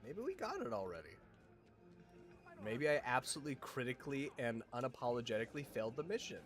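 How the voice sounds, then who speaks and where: Male streamer, mid-pitched, upbeat and affectionate, chatting with viewers over gameplay; faint music underneath. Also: fast. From Utah, US. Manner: excitable, affectionate, talks to chat. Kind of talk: casual gameplay livestream chat.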